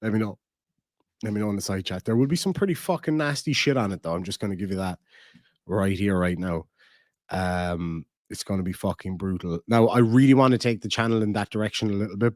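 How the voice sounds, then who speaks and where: Irish guy, low voice, profane and blunt, streamer chatting with viewers, dry sound. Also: no echo. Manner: profane, blunt, reads chat aloud. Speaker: livestream host. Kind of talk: casual livestream chat.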